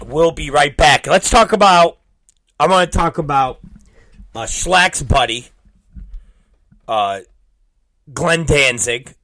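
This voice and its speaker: A man in his forties hosting a talk show, telling a crude story with repeated words and sudden shouted exclamations. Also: fairly high pitch, takes it slowly, long pauses, no room sound. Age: 40s. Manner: vulgar, repetitive, bursts into shouted exclamations. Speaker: podcast host. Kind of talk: crude comedic monologue.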